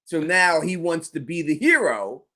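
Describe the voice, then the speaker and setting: A man co-hosting a TV episode discussion, speaking in an animated way and thanking viewers by name. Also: fairly high pitch, a little slow. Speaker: podcast co-host.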